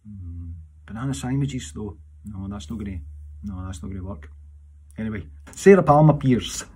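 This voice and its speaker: A Scottish man, a singer answering audience questions in a rambling, casual chat, animated in his seat and restarting his sentences often. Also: lowish voice, moderate pace, husky. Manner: animated while seated.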